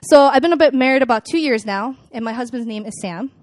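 A woman's voice: on the high side, quick pace, no echo. Chatty young woman giving a dry, casual sermon. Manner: chatty and animated, filled with "like" and "you know". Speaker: speaker at a church gathering. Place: room with a live audience.

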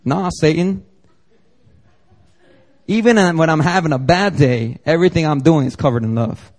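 A man's voice: a little high, lively intonation, a little fast, a little mellow. A man preaching a sermon as pastor, conversational and joking, acting out little dialogues. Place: church service.

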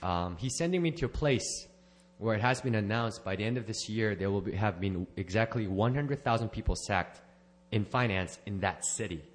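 Rambling low-voiced man giving a testimony. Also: normal speed. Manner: rambling and self-correcting, with soft laughs. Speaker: church member giving a testimony. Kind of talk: personal testimony.

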